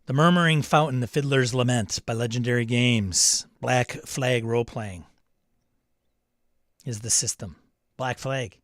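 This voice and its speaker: A man's voice: medium pitch, no room sound, clean studio sound. Chatty man hosting a live stream. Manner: chatty, rambling, reads chat aloud. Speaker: host. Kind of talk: casual live-stream chat.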